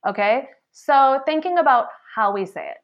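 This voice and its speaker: A woman's voice: medium pitch, expressive, moderate pace, highs cut off. A woman in the salon trade giving an earnest, chatty motivational talk. She often checks in with "okay?" and "right?" and acts out the remarks she quotes. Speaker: salon professional sharing advice.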